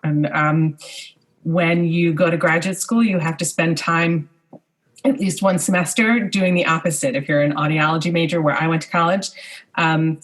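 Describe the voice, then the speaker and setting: Low-voiced woman, thoughtful with ums. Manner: thoughtful, many "um" pauses. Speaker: speech language pathologist guest. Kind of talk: casual interview chat.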